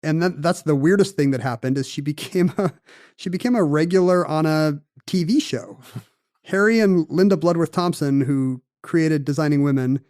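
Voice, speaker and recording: A man co-hosting a podcast, telling a story in casual chat with quick asides. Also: a little high, a little mellow, dry recording, clean studio sound. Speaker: podcast co-host.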